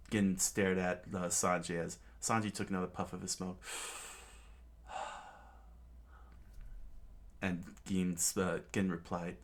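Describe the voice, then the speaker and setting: A man reading a manga story aloud in a casual, halting way, with frequent fillers and restarts. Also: sits low, level tone. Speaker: reader.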